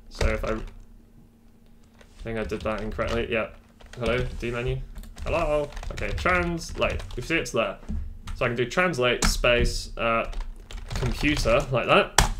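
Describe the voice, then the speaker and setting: A man's voice: mid-range voice, noisy background. Chatty man at a desk. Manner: chatty, offhand, self-deprecating asides. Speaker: tech tutorial host. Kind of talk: casual screen-recorded tutorial. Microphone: desk microphone.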